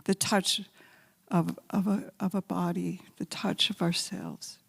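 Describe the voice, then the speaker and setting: Gravelly-voiced woman speaking in a reverberant hall. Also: on the low side, fairly even intonation, takes it slowly. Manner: gentle, intimate storytelling, drops to soft whispers. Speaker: guest speaker. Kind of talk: spiritual talk with guided meditation. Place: large sanctuary.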